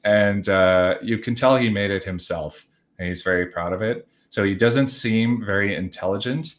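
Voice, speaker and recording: A man's voice: fairly low pitch, normal speed. A man running a tabletop role-playing game, narrating in long, rambling chains of "as he just says" with lots of fillers. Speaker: game master.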